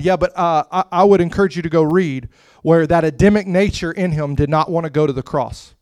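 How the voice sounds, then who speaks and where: A man preaching a sermon with impassioned delivery that swells to loud, emphatic peaks and drops to soft, hushed lines. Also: a little high, fairly quick, few pauses, no echo, clean studio sound.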